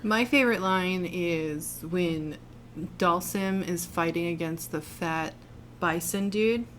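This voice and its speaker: A woman's voice: fairly low pitch, slow, background noise. Giggly woman co-host. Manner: giggly, animated and playfully indignant. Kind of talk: casual podcast chat about a movie.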